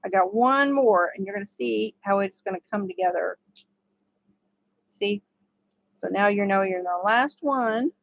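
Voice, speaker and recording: A woman's voice: mid-range voice, a little slow, gravelly, pauses often, dry recording, low-quality recording. A woman giving a casual step-by-step crochet tutorial, chatty and laughing often. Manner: chatty, laughs often, talks to her dogs.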